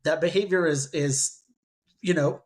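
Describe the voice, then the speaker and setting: A man hosting a podcast interview, mostly giving short supportive affirmations and speaking in halting phrases. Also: fairly high pitch. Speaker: podcast host. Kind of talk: casual interview.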